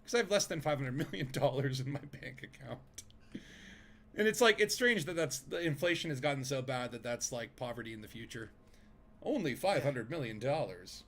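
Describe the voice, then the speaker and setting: A man's voice: medium pitch, animated, a little fast. A man streaming a space game from his home desk, chatting casually with friends, rambling and joking with lots of fillers. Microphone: desk microphone.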